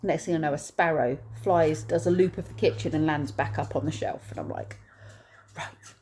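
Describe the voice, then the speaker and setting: A woman's voice: low voice, moderate pace, a little mellow, a little hiss or hum. A woman vlogging casually outdoors in a garden, chatting and rambling through her chores and stories. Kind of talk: casual vlog chat.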